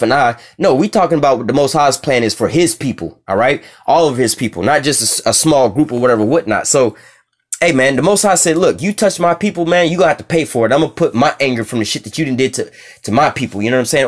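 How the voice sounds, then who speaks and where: A man delivers a fiery sermon at a brisk, rapid clip, reading scripture and then riffing on it. His talk is coarse and profane, full of repeated checks like "you see what I'm saying". His pitch sits in an ordinary middle range. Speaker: preacher.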